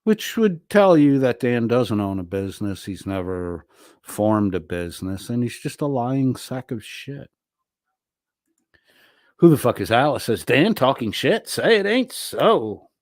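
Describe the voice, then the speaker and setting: A man hosts a livestream, reading viewer comments aloud and answering them with crude, mocking profanity. His voice sits at medium pitch with a darkish tone and lively intonation, and he takes his time. The studio-quality recording has no echo.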